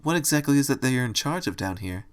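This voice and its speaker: A man voicing a timid young mare turned into a rabbit, speaking hesitantly and softly. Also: mid-range voice, expressive, quick pace, close to an everyday voice. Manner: hesitant, soft-spoken.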